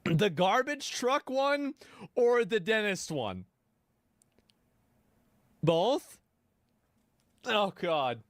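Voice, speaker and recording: Lively high-voiced male streamer. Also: very slow, pauses often, no room sound, studio quality. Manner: animated, exasperated, jokey asides. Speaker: streamer reacting to videos. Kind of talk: casual live-stream reaction.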